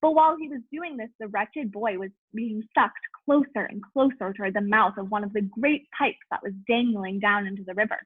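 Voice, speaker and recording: A woman teacher reading a chapter aloud to a remote class, with warm, encouraging classroom prompts, over a video call. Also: medium pitch, moderate pace, hardly any pauses, husky, dry recording. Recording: tinny video-call audio.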